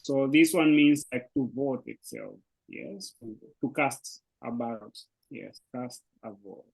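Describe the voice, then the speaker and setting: A native-speaking man who teaches Swahili explains an online language lesson in English, his creaky, medium-pitched voice moving at a measured pace. He hesitates a lot, using fillers and starting over, and the audio is poor.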